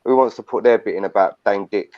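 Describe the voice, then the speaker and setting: A man's voice: lowish voice, quick pace. An older man, ranting heatedly and swearing a lot on a live stream. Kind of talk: angry ranting live chat. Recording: muffled lo-fi stream audio.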